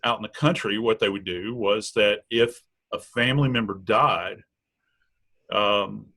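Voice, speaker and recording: A man's voice: on the low side, fairly even intonation, unhurried, sharp tone. A man speaking as a death investigator guest in a true crime interview, blunt and emphatic, building his points through repetition.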